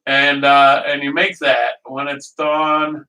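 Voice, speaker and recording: Speaking slowly and flatly, his high voice pushed and bright, a man rambles through a casual live cooking show from his kitchen. He greets viewers by name and laughs a lot, his voice distant and echoing off the room.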